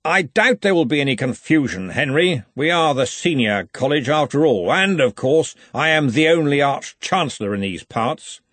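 A man voicing a pompous, overbearing old male wizard who heads a college, raised and loud. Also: a little high, lively intonation, moderate pace, hardly any pauses, no room sound, voice pushed up. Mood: haughty. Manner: haughty, overbearing, testy.

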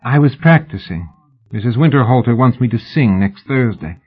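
A man voicing a sharp-tongued young Victorian woman in a raised, pert voice. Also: mid-range voice, animated, normal speed, slightly rough. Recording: phone-like narrow band.

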